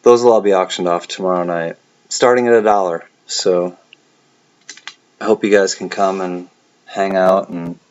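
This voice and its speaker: A man's voice: sits low, fairly even intonation, moderate pace, pauses often, darkish tone, dull audio. A man hosting a collectibles livestream, chatting casually and reading out viewer comments.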